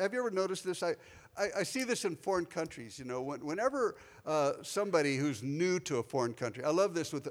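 A middle-aged male pastor preaching a sermon, animated, swinging from loud emphasis to quiet asides. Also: high-pitched. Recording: long hall reverb.

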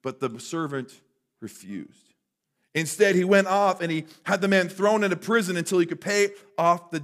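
Animated man preaching a sermon. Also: high voice. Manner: animated, conversational preaching with dramatic drops to a hush. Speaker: pastor. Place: church sanctuary.

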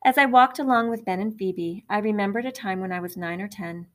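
A woman reading a first-person audiobook in a gentle, reflective storytelling manner. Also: mid-range voice, brisk. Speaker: audiobook narrator.

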